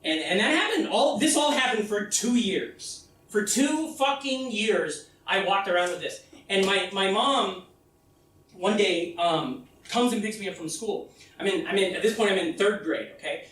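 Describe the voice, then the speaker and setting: A man performing a comedic one-man stage show, telling a story with animated delivery and acting out the people in it. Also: high-pitched, normal speed, echoey room, distant mic, slight background noise, low-quality recording. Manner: animated storytelling, acting out his mom and himself. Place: theater stage. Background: audience laughter.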